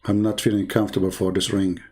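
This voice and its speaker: A man's voice: lowish voice, level tone, fast talker, heavy background noise. A man hosting a call-in debate show, talking in a sarcastic, rambling way full of fillers. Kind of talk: casual mocking monologue.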